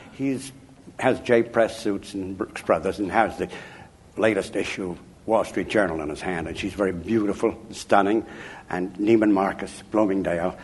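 An older man from Chicago, an author interviewed about his life, telling anecdotes in an emphatic, animated way. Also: low voice, breathy edge. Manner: animated, emphatic, chuckling raconteur. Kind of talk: anecdotal storytelling.

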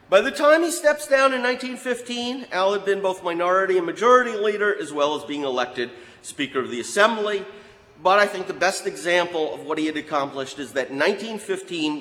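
A man giving an anecdotal history talk, an animated storyteller who acts out the quotes he tells. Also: fairly high pitch. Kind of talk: anecdotal lecture. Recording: hall with long reverb.

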